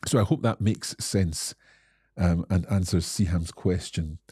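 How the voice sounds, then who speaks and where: Scottish male teacher hosting a live Q&A, low husky voice, friendly and explanatory. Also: a little slow, warm tone, dry recording, studio quality. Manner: friendly, explanatory, reads out viewer comments. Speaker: English teacher and host. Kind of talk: live-stream Q&A.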